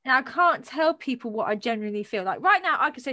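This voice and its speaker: A woman co-hosting a podcast in casual chat, animated and blunt, swearing and asking rhetorical questions. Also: sits high, fast, dry recording. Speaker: podcast co-host.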